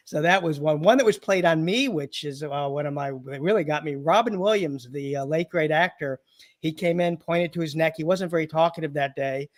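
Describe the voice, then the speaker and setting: A man's voice: a little high, moderate pace. A man, a chiropractor and part-time comedian, telling punchy funny patient stories as an interview guest, acting out their voices and laughing often. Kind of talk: storytelling interview.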